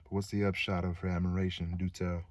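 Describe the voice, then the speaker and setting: A man's voice: low-pitched, flat delivery, quick pace, darkish tone, dry recording, natural voice. A man reading the lines of a bitter, sarcastic young prince in his own plain voice.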